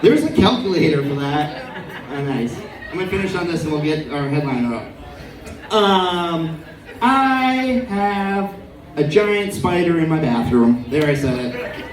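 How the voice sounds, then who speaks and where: Slow high-voiced stand-up man, roomy. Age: 30s. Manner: absurd deadpan storytelling. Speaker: stand-up comedian. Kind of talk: stand-up comedy set. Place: comedy venue stage. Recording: roomy live room, distant, crowd laughter. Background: audience laughing.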